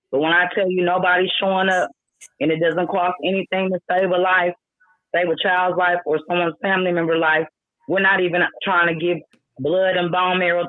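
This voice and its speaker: A woman's voice: fairly low pitch, no room sound. A woman with a Milwaukee accent calling in to a radio show, earnest and pleading, frustrated. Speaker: caller. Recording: phone line.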